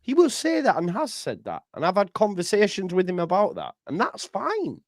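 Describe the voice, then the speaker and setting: A man's voice: high-pitched, huge pitch swings, moderate pace, no echo, studio quality. A man, hosting a casual fan chat on a live stream, full of banter and laughter. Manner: banter-heavy, laughs often, acts out quotes. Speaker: fan podcast host.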